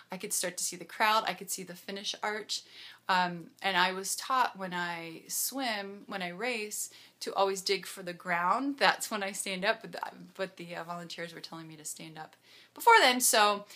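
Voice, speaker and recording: A woman's voice: mid-range voice, pushed and bright. A woman triathlete vlogging a casual, bubbly recap, laughing often as she chats.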